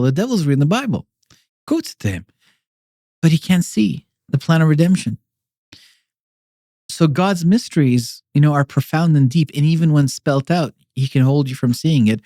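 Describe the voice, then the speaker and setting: Male guest with a warm, relaxed voice and a dry sound; talks loosely, with stops and restarts. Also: fairly high pitch, no echo. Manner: rambling, with many fillers and repeated restarts. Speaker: podcast guest. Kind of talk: casual explanatory conversation.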